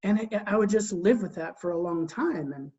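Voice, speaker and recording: A man's voice: sits high, lively intonation, normal speed, darkish tone. A middle-aged man coaching in an earnest, conversational way. He often repeats words as he starts a sentence and asks his listeners rhetorical questions. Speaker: Christian leadership coach. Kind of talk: conversational teaching talk. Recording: dull lo-fi recording.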